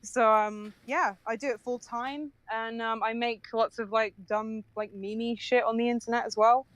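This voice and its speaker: A woman's voice: fairly high pitch, fairly even intonation, moderate pace, dry recording. A young woman from the UK, a voice actress guesting on a podcast, chatting casually and giggling, with many "like"s and "um"s. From United Kingdom. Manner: giggly, chatty, lots of fillers. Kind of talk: casual chat.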